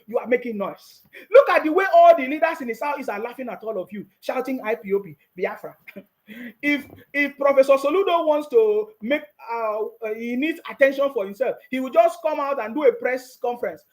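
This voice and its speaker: High-pitched mocking Nigerian man. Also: expressive, brisk. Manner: scolding, mocking, laughs often. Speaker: political commentator. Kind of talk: YouTube commentary.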